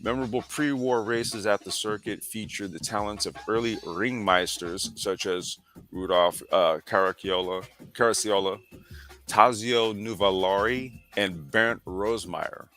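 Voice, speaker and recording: A man's voice: lowish voice, a little slow, fairly bright tone. A man hosting a casual sim racing talk show, reading history aloud with lots of fillers and slang. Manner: laid-back, slangy, reads history aloud with frequent fillers. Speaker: podcast host.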